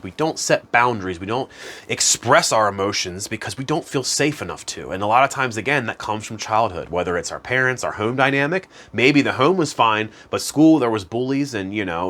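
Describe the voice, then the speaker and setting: A man hosting a self-improvement channel, explaining practices in a casual, conversational way and chuckling at himself now and then. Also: lowish voice. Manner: conversational, chuckles at himself, chants hum softly. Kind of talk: casual instructional talk.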